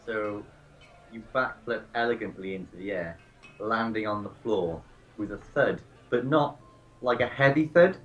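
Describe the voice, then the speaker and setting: Rambling, low-voiced game master. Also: male voice, a little slow, fairly bright tone, lo-fi sound, faint music behind. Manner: rambling descriptions with many fillers. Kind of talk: narrating a tabletop game.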